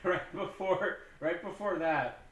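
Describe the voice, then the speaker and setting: A man's voice: high-pitched, takes it slowly, fairly bright tone, slight background noise. A man on a podcast recapping a movie in casual chat, swearing constantly and acting out what the characters say. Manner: profane, rambling retelling with acted-out quotes. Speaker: podcast co-host. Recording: echoey room, mic at a distance.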